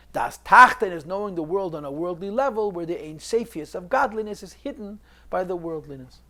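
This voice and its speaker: High-voiced man teaching a Chassidic class. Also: fairly bright tone. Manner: explains step by step, repeating key phrases; mixes Hebrew and Yiddish terms into English. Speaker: Torah teacher. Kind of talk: recorded class on Chassidic text.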